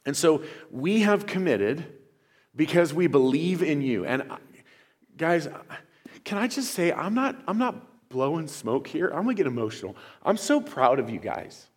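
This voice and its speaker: A man's voice: on the high side, sing-song, moderate pace. A man preaching as pastor to his church, earnest and conversational, sharing announcements with enthusiasm. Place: church sanctuary. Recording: long hall reverb.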